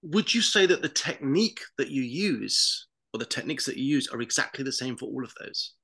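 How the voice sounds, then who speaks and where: A man hosting a live online interview over a video call, halting with fillers as he reads out a list from the chat. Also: mid-range voice, animated, vocal fry, bright, forceful tone. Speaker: host.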